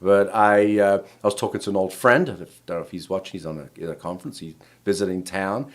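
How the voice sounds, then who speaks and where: A man's voice: sits low, brisk. A middle-aged man, a rabbi from England, giving a casual spoken lesson in a rambling way, full of restarts and tag questions. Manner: rambling, many restarts, keeps asking "right?". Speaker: rabbi and show host.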